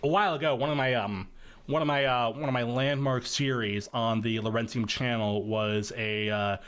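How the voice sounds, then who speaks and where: A man's voice: medium pitch, fairly even intonation, moderate pace, fairly bright tone, clean tone. Rambling young man in podcast chat. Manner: rambling, many fillers and restarts. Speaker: podcast guest, machinima creator.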